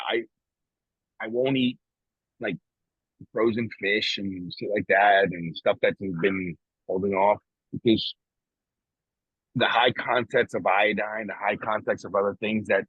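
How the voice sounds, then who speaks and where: A man's voice: lowish voice, slightly rough, dry recording, phone-quality sound. A man co-hosting a podcast, talking in a rambling, emphatic way and swearing casually as he chats. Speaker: podcast co-host. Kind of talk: casual morning chat.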